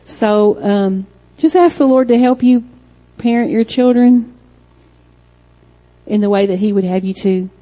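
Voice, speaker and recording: A woman's voice: mid-range voice, a little slow, mellow, poor audio. Earnest middle-aged woman preaching. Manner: earnest, encouraging, reads scripture aloud. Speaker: church speaker. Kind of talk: closing sermon exhortation.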